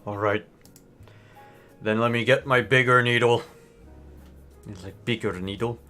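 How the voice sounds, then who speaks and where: A man's voice: medium pitch, fairly even intonation, measured pace, pushed and bright, faint music behind. A man running a tabletop role-play as game master, narrating casually and voicing the characters. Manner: casual, with fillers.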